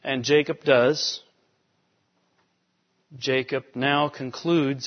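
A man's voice: a little high, animated, unhurried. A man teaching a Bible lecture in a conversational way, checking in with rhetorical questions. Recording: dull recording with long hall reverb.

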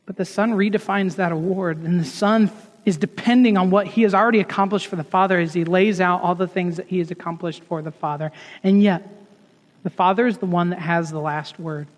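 A man preaching a sermon in an earnest way, pressing some words hard and dropping others to a softer tone. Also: high-pitched, fairly even intonation, a little fast, in a large hall. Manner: earnest preaching with rising emphasis, drops to soft asides. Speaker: pastor.

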